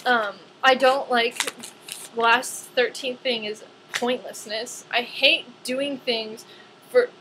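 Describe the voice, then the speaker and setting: A young woman ranting casually to camera in a vlog, chatty and animated, with lots of "like". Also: on the high side, slow, background noise. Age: young adult.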